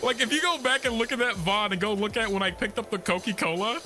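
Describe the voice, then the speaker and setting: A young man chatting casually while streaming a game, excitable and profane, laughing often and bursting into shouts. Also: sits high, quick pace. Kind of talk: casual gameplay stream chat. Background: game music.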